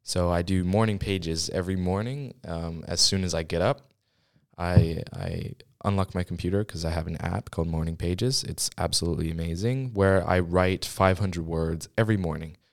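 A man's voice: deep voice, fairly even intonation, normal speed, vocal fry, a little mellow, no echo. A young man hosting his own podcast from a school studio, chatting casually and rambling, often running out of breath as he talks. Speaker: podcast host. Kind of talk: casual solo podcast chat. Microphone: studio microphone.

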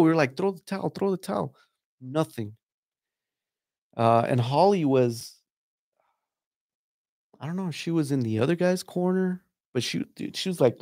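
A man's voice: on the high side, normal speed, a little mellow, no echo, studio quality. A man guesting on a podcast, telling stories in a rambling, profane way and saying "dude" a lot. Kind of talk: casual chat.

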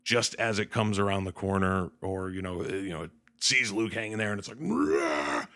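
A man's voice: deep voice, steady tone, fairly quick, sharp tone. A young man casually recapping a film, swearing and acting out the characters' lines in funny voices. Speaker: podcast host recapping a film. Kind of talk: casual chat.

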